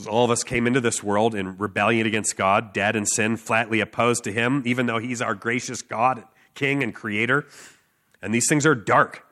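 A man preaching a sermon, telling a personal story with earnest emphasis, filler words and quick laughs. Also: mid-range voice, fairly even intonation, bright, forceful tone. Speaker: street preacher.

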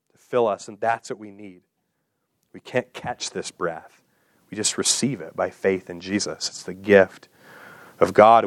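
A man's voice: lowish voice, no echo, studio quality. A man preaching an expository sermon, repeating phrases in rhythmic runs that build up and then settle.

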